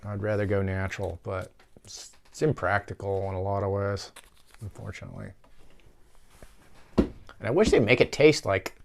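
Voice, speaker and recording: A man's voice: lowish voice, gravelly, fairly bright tone. A man hosting a casual movie-riffing show from his office, rambling and swearing as he rants. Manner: rambling, profane, ranting. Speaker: show host.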